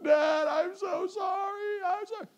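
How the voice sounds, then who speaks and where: A wailing little girl pleads between sobs, her voice pushed high and loud, as a preacher acts her out in a sermon. She stammers and begs in broken phrases. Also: measured pace. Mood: pleading, crying. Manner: sobbing, begging, stuttering. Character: crying pleading young daughter, girl.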